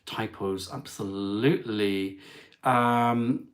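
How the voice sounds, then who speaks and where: A man hosting a casual live travel stream, chatting and reading viewer comments aloud in an animated way. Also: fairly low pitch, extremely slow. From England.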